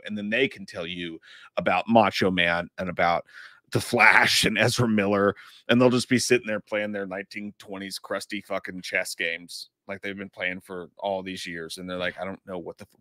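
This podcast co-host, somewhere in his thirties or forties, has a lowish, slightly bright voice and goes through the live chat casually. He rambles, jokes and swears throughout, and the clean studio recording is dry.

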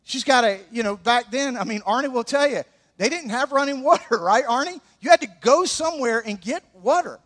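A man with an Alabama Southern accent preaching a sermon as pastor, animated and throwing joking asides to the congregation. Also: very high-pitched, a little fast.

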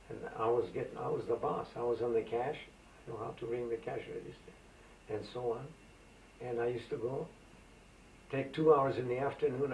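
A man's voice: medium pitch, a little mellow, a little hiss or hum. A man in his eighties, from Macedonia, telling rambling stories full of fillers in an oral history interview, recorded on a roomy tape from a distance. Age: 80s. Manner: rambling, anecdotal, with frequent fillers. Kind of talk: reminiscing conversational storytelling.

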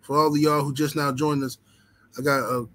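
Dude, chillin on a boxing stream, cussin, lots of "you know what im sayin". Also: male voice, on the high side, level tone, normal speed, a bit bright, no room sound, low-quality recording. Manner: laid-back, profane street talk with lots of "you know what I'm saying". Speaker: boxing channel host. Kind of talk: casual livestream chat reading the super chat.

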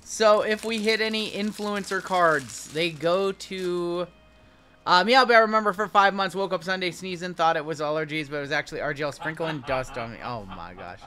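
A man's voice: sits high, moderate pace, bright, forceful tone, faint music behind. A man hosting a live card break, chatting casually and calling out the cards as he opens packs. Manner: chatty, rambling, calls out cards. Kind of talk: casual live-stream chat.

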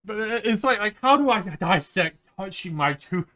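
A man's voice: sits high, lively intonation, normal speed, pushed and bright. A young man hosting a music reaction video, talking casually in a crude, rambling, joking way. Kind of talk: casual album reaction commentary. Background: album playing in the background.

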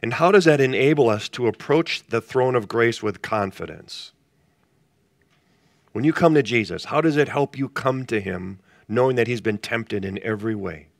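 Brief: male pastor, gravelly voice, dry close sound, chatty Bible study leader who quizzes his group. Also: mid-range voice, normal speed, dry recording. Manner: conversational, asks the group questions. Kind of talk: casual Bible study teaching.

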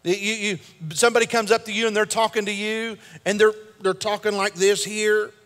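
High-voiced preacher in a reverberant church. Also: male voice, level tone, moderate pace, a bit bright. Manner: emphatic preaching with call-outs for amen; repeats and restarts words as he builds a point. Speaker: pastor. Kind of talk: sermon.

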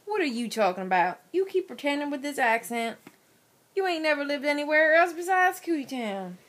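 A woman's voice: sits high, big pitch swings, normal speed, fairly bright tone. A woman voicing a blunt, rustic boy cootie who talks in a teasing way. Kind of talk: cartoon voice acting.

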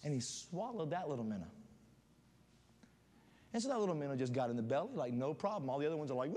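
A man preaching a sermon as a guest speaker, building up to loud fervent shouting. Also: on the high side, animated, fast, long pauses, slight background noise. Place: church sanctuary. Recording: church hall reverb.

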